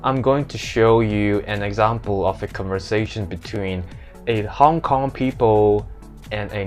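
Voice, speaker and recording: A young man with a Malaysian accent walks through pronunciation tips in a relaxed explainer style. His voice sits fairly low. He reads out lists of example words one at a time, with soft music underneath. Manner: lists example words slowly, then repeats them. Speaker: English pronunciation presenter. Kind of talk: casual explainer lesson.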